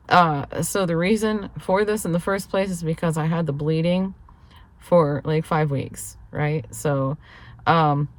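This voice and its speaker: A middle-aged woman chatting casually in a vlog, telling stories with frequent laughter. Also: fairly low pitch. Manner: chatty, laughs often, self-deprecating storytelling. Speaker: vlogger.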